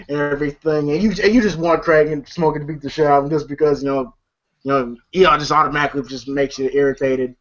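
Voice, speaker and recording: A man's voice: on the high side, fairly even intonation, fairly quick. Male podcast host, talkative recap style, dull lo-fi recording. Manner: rambling retelling full of fillers and laughs. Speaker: movie review host. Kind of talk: casual chat recapping a film.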